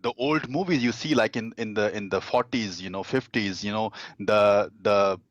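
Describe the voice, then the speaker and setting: A man with an Indian accent, a dating coach talking as a guest in a casual interview, halting, with many fillers and restarts. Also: lowish voice, no echo, dull audio.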